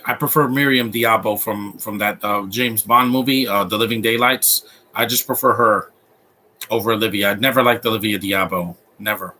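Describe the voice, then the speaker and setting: A man's voice: lowish voice, steady tone, normal speed, pushed and bright, a little hiss or hum. A man in his thirties giving live movie commentary, opinionated and rambling, often restarting his sentences.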